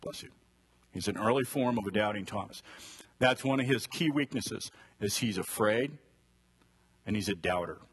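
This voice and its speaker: Man, preacher, husky voice, conversational Bible teaching, asks listeners questions. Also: fairly low pitch, normal speed, long pauses, a bit bright. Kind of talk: Bible study sermon.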